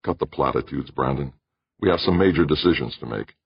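A man's voice: extremely low pitch, fairly quick, vocal fry, breathy edge, no echo, exaggerated voice. A man doing a growling, impatient officer. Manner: growling, curt. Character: gruff, impatient male officer. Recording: dull lo-fi, dry.

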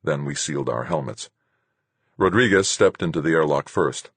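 Deep, husky male audiobook narrator. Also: moderate pace, fairly bright tone, no room sound.

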